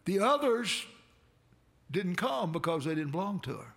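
A man preaching a sermon, with dramatic swells that build to near shouts. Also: very animated, unhurried, creaky. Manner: dramatic preaching with sudden swells in pitch and loudness.

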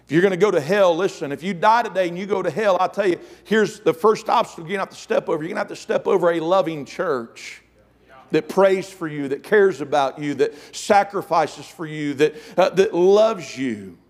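A man's voice: sits high, fairly quick. Fervent preacher man. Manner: fervent preaching, storytelling, frequent "amen" and "listen". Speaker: pastor. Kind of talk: sermon.

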